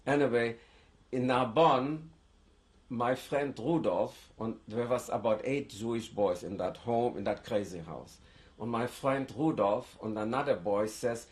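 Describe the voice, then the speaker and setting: An older man who grew up in Germany, seated indoors with a lapel mic, giving oral history testimony in a halting way with frequent restarts. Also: medium pitch. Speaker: interviewee.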